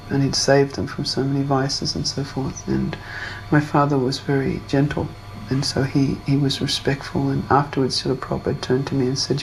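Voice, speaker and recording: An older woman from Australia, telling old memories in a gentle, unhurried way during an interview. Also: rumbling low, slight background noise, low-quality recording. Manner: gentle, unhurried storytelling with small fillers. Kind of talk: reminiscing interview.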